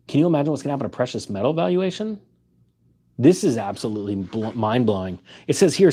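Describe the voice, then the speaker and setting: A man's voice: mid-range voice, dark tone, slightly rough. A man giving opinionated finance commentary, reading news items aloud and challenging them with emphatic rhetorical questions.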